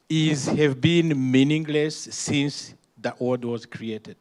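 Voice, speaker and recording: A man's voice: mid-range voice, darkish tone. Emphatic Rwandan man speaking at a panel. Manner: emphatic, rhetorical questions, halting non-native phrasing. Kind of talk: impassioned panel remarks.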